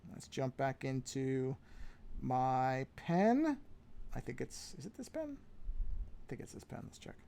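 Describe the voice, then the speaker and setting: A man's voice: mid-range voice, very animated, slow, creaky, pauses often, dark tone. A man chatting casually while drawing on a live stream, rambling and self-deprecating as he talks himself through his work on a podcasting microphone.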